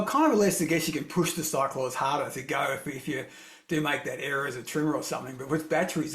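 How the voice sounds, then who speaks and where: Aussie guy hosting a podcast, chatty rambling stories, a bit higher voice. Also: a bit bright. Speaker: podcast host. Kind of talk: casual interview chat. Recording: echoey room.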